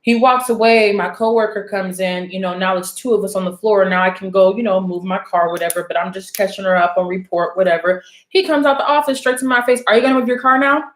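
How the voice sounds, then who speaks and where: A woman's voice: mid-range voice, brisk, hardly any pauses, echoey room. A young adult woman telling a story and giving blunt advice in a casual vlog, swearing freely and often asking "okay?". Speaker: oracle card reader and channel host.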